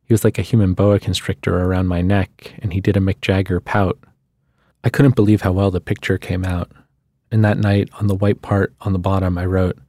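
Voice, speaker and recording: A man reading a literary short story aloud in a measured storytelling manner, on a studio microphone. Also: low voice, flat delivery, mellow, dry recording. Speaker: guest reader.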